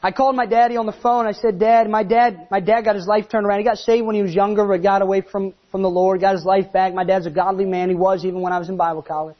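High-voiced animated preacher man. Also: quick pace, hardly any pauses, dull audio. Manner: animated, acts out quoted voices. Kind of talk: sermon.

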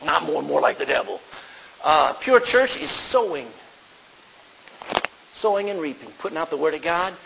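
High-voiced male pastor preaching. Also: expressive, moderate pace, gravelly, pauses often, a bit bright, slightly rough, rough recording. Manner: preaching with frequent call-and-response "Amen?". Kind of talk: sermon. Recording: faint hiss.

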